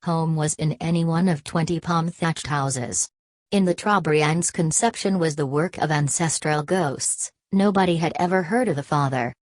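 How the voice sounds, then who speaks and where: A woman narrating a novel as an audiobook in a measured, even reading. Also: deep voice, no echo. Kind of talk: scripted narration.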